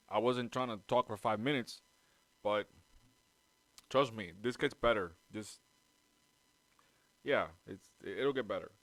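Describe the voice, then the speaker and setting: Guy doing a podcast at his house, rambles all over, swears a lot, mid pitched, dry sound. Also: a bit bright, dry recording. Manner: rambling, profane, jumps between topics. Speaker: podcast host. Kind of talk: casual chat. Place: at home. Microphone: moves around the mic.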